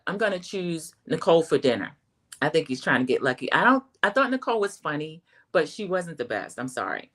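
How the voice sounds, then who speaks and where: Chatty middle-aged woman recapping TV. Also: lowish voice. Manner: chatty, animated, addresses viewers as y'all. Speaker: reality TV recap host. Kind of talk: casual recap commentary.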